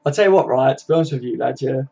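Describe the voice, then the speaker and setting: A man's voice: mid-range voice, racing, creaky, dark tone, husky. Blunt chatty Scouse man streaming. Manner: blunt, chatty, swearing, frequent laughs. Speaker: fan channel live streamer. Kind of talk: casual live stream chat reading comments. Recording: dull lo-fi stream audio.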